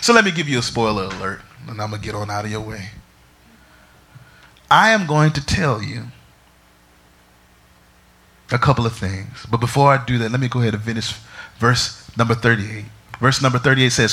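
A man pastor delivering a sermon, mixing scripture with humorous, animated stories. His voice sits in a middle pitch with a bright, forceful, tense edge. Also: normal speed, pauses often. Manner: animated, humorous storytelling preacher.

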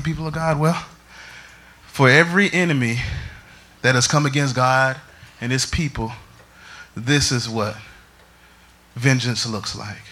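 A man pastor delivering a sermon, mixing scripture with humorous, animated stories. His voice sits in a middle pitch with a bright, forceful, tense edge. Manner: animated, humorous storytelling preacher.

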